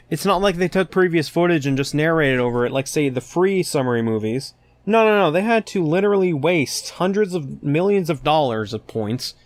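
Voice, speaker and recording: A man's voice: fairly high pitch, expressive, normal speed, no echo. A man hosting his own podcast, ranting with exasperation and plenty of swearing. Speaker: podcast host. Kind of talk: casual solo podcast rant.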